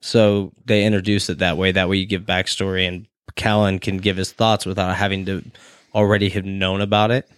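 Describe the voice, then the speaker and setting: A man's voice: low-pitched, level tone, fairly quick, clean tone, dry recording, studio quality. A man co-hosting a casual podcast, joking around and swearing freely. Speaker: podcast co-host. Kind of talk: casual chat.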